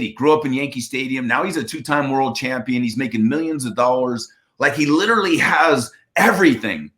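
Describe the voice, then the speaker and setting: Man, fifties, from the United States, earnest and emphatic, bright and forceful tone, mid pitch. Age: 50s. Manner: earnest, emphatic, acts out quoted dialogue. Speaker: interview guest, former baseball pitcher. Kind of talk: personal storytelling in conversation.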